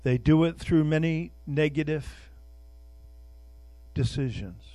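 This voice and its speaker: A man's voice: on the high side, slow, mellow, dry recording. An older man preaching an informal sermon, speaking conversationally and repeating words while searching for them, with a prayer woven in.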